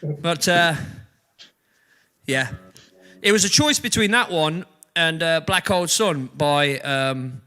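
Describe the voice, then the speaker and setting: A man in a band, chatting casually between songs in a lively way and laughing often. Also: fairly high pitch, slow pace. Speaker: band member hosting a live-streamed jam.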